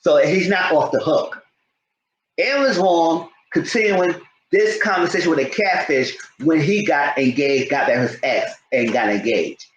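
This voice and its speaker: A man giving a rambling, animated recap of a TV episode in a casual commentary style. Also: on the high side, a little slow, lo-fi sound, a little hiss or hum. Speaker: TV show reviewer. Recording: roomy echo.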